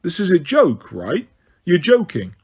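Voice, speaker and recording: Exasperated teen wizard , man reading, higher and lively, husky. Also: unhurried, full character voice. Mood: puzzled. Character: exasperated teenage boy wizard, level-headed.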